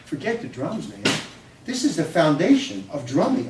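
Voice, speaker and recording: A man, a psychology professor, giving an animated storytelling lecture to an audience, swinging between loud bursts and quiet asides. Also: on the high side, normal speed, over loud music. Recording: roomy hall, distant microphone.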